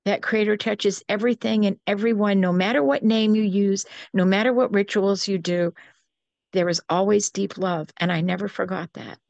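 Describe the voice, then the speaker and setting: An older woman telling a personal story as an interview guest, earnest and unhurried, with small restarts. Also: medium pitch, steady tone, vocal fry, a little mellow, no room sound, muffled recording.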